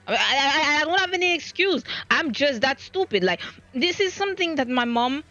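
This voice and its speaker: She talks at a normal speed in a high, expressive voice that's bright and forceful, with soft music in the background. A woman streamer from the French Caribbean with a Creole accent, she chats casually, rambling, restarting often, and being self-deprecating, through dull lo-fi stream sound.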